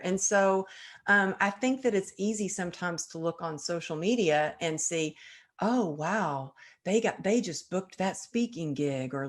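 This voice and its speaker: A woman hosting an interview show, telling her own stories in casual, animated chat. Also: fairly low pitch. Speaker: podcast host.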